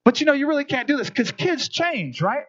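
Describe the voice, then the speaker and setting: A high-voiced man preaching in an animated, storytelling way. The recording sounds dull and lo-fi. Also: fairly quick. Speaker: pastor. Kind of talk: sermon.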